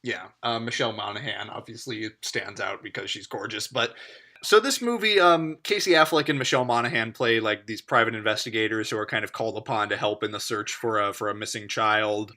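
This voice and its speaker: A man co-hosting a casual movie podcast, animated, swearing and laughing often. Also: fairly low pitch, brisk. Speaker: podcast co-host.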